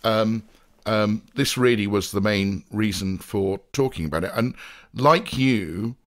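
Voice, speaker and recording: Low-voiced rambling podcast co-host man. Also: unhurried. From South Coast of England. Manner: rambling, jokey, with playful digressions. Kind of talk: casual podcast chat.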